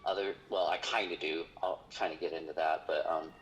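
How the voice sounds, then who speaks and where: A man who investigates hauntings, telling a long personal story in conversation, halting and full of fillers and restarts. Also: low-pitched, steady tone, a bit bright, rough recording. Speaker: paranormal investigator.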